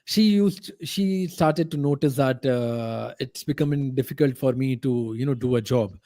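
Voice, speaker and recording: A man from India, a podcast guest telling a personal story in a halting way, full of fillers and restarts. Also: mid-range voice, warm tone, no echo.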